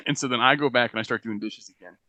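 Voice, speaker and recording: A young man co-hosting a podcast tells a work story in a casual chat, animated, laughing often, and acting out quotes. His medium-pitched voice is bright and pushed forward, recorded dry and close with no room sound.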